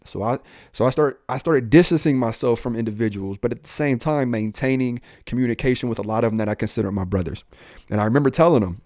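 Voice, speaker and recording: A young adult man, a police officer, telling his own life story in an animated way, jumping up in pitch when he quotes people. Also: quick pace, dry recording, clean studio sound. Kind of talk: personal storytelling in a podcast talk.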